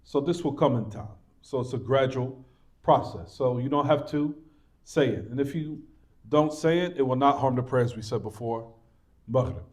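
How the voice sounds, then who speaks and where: A man's voice: medium pitch, normal speed, a little mellow. Man, mosque teacher, lecture style, reassuring, repetitive, rhetorical questions. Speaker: Islamic teacher. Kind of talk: religious class lecture.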